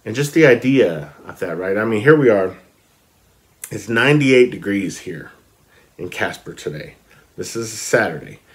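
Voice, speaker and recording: Man, low voice; chatty literature vlogger, hesitant then keen. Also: lively intonation, moderate pace. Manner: hesitant, many fillers, enthusiastic emphasis. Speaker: book vlogger. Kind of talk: casual talk about literature, reading passages aloud.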